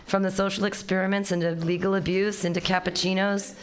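A woman's voice: medium pitch, level tone, fairly quick. A woman hosting a comedy show, loose and enthusiastic, casually swearing between acts. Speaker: open mic host.

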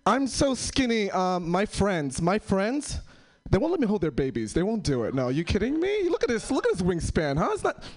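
A man's voice: high-pitched, huge pitch swings, normal speed. A man opening a stand-up set with playful, self-mocking crowd work. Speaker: stand-up comedian. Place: comedy club with a live audience.

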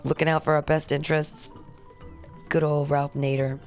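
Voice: medium pitch, little pitch movement, normal speed, soft background music. A radio host doing a sarcastic, rambling political monologue with jokey asides and reading a document aloud in a studio.

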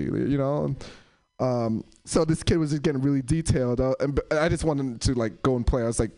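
A young man doing stand-up, telling stories and acting out characters in a high voice. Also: a little fast. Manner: animated, acts out characters in a high voice. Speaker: stand-up comedian. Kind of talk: stand-up storytelling.

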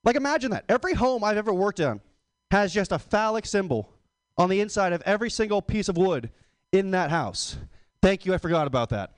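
A young man hosting a comedy night, doing crude, rambling stand-up that drops low on his tag lines. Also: very animated, brisk, no room sound. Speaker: comedy show host.

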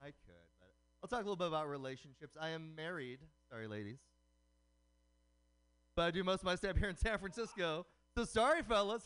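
A male stand-up comedian firing off punning jokes in a high voice. His pitch leaps up and down as he goes for laughs. The set is played live over the radio. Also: fairly bright tone, smooth. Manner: punning, quick joke delivery. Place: comedy night broadcast on radio.

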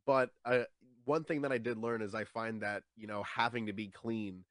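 A man's voice: on the low side, fairly even intonation, normal speed, fairly bright tone, dry recording, clean studio sound. Chatty young man, stammering restarts. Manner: chatty, repeats words when starting sentences, acts out quoted voices. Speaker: stand-up comedian guest. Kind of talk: casual interview chat.

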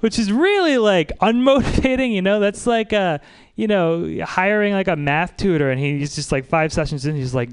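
A man doing a stand-up set at an open mic, talking in a loose, rambling, self-deprecating way with lots of fillers. His voice sits a little high and sounds smooth and clean. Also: animated, moderate pace. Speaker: stand-up comic.

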